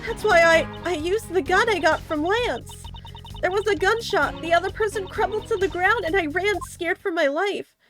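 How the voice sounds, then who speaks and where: Woman playing frightened young woman, shaky pleading confession, pitched well up. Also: normal speed, fairly bright tone, soft background music. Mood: distraught.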